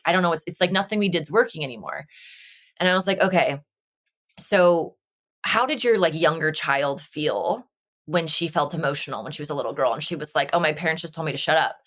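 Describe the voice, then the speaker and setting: Earnest, fairly low-voiced woman. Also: a bit bright. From Las Vegas, United States. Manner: reflective, earnest, acts out quoted dialogue. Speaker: podcast guest, energy healer. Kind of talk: casual conversation.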